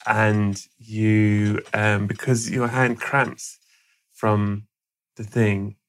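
A man's voice: fairly low pitch, flat delivery, extremely slow. Man spinning a comic tale. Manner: playful, rambling absurd tale with stumbles. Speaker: podcast host. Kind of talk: comic storytelling in conversation.

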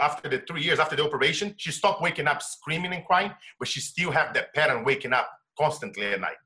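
A middle-aged man sharing a personal story as an interview guest, emotional and dropping to a hush for quoted words. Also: a little high. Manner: emotional, drops to a hushed voice when quoting his wife.

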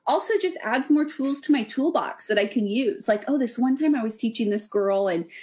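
A woman's voice: a little high, lively intonation, moderate pace, darkish tone. A young adult woman, a weightlifting coach, talking earnestly and rambling with lots of fillers in a casual podcast chat. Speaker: weightlifting coach running women's camps.

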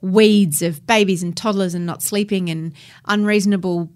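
A woman's voice: medium pitch, fairly even intonation, normal speed, a little mellow. A middle-aged woman co-hosting a casual podcast, talking in a reflective, easygoing way. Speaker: podcast co-host.

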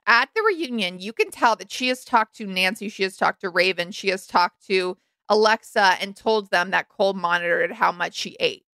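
Chatty young woman with a gravelly edge. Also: medium pitch, normal speed, hardly any pauses, no room sound. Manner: chatty, animated, frank. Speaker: podcast co-host. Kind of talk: casual recap chat.

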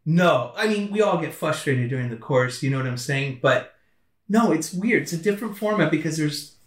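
Telling lively stories in a relaxed chat, this man co-hosts a podcast and voices other people's quotes. He has a fairly high pitch and normal speed, and the mic is distant in a room with echo.

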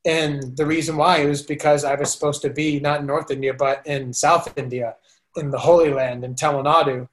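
Man, podcast guest, slightly high voice, animated storytelling, casual, frequent restarts. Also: moderate pace. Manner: animated, lively retelling with many restarts.

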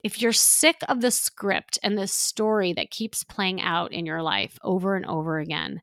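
A woman talks straight to her listeners as a dating coach on her own podcast. She speaks in a loose, chatty way, full of "you know" and "like". Her voice sits at an ordinary pitch and sounds dry and close, with no room echo. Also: fairly bright tone. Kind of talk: advice podcast monologue.

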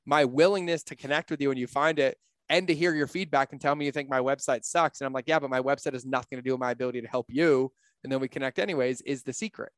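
On a casual podcast, a business coach in his thirties speaks frankly and swears without restraint. His medium-pitched voice stays steady and fast, captured in clean studio sound without any echo.

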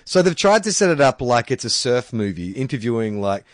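A man's voice: mid-range voice, brisk, no echo, studio quality. A man with an Australian accent co-hosting a casual sports chat, ranting with frequent swearing. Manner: swears freely, animated rants. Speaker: podcast co-host.

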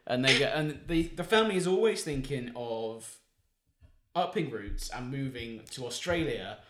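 A man's voice: mid-range voice, lively intonation, normal speed, roomy sound, noisy background. A man co-hosting a podcast, chatting casually with a wry, dry delivery. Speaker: podcast co-host. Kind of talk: casual chat.

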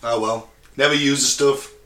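A man's voice: mid-range voice, steady tone, moderate pace, pushed and bright. A man co-hosting a podcast, bantering in a crude, jokey way, from England. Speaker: podcast co-host. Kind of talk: casual banter. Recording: echoey room.

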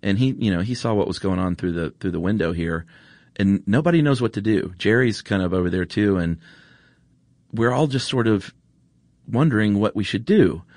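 A man hosting a podcast, telling a story in a relaxed, rambling way with lots of fillers, then chatting casually. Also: fairly low pitch, moderate pace, no echo, clean studio sound. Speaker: podcast host.

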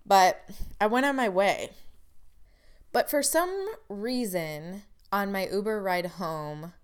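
A woman's voice: mid-range voice, lively intonation, takes it slowly, clear, resonant tone. Frustrated woman telling a candid personal story. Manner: candid, frustrated, wry asides.

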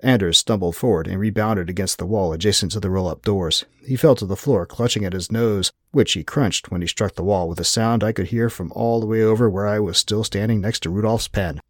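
A male audiobook narrator with a low voice tells the story in a wry, measured way. The recording is dry and close, with no room sound at all. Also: no room sound. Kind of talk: scripted first-person narration.

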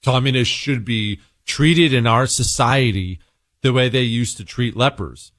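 A male talk radio host speaks bluntly and emphatically, with a sarcastic edge. His voice sits at an ordinary middle pitch. The close studio mic sounds dry, with no room around it. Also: a little slow, fairly bright tone, no room sound. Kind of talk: opinionated talk radio monologue.

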